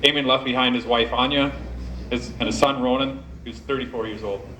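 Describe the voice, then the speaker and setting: A man's voice: mid-range voice, fairly even intonation, fairly quick, very noisy. A man giving an informal, jokey historical talk to a live audience at a pub event, directing volunteers as he goes. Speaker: event speaker. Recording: echoey room recording.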